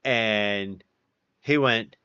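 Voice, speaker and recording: A male streamer hosts a casual stream chat, telling wry stories full of swearing and acting out the quotes himself. His lowish voice is extremely slow, sharp, and clean, with no echo, though the recording sounds dull, dry, and lo-fi.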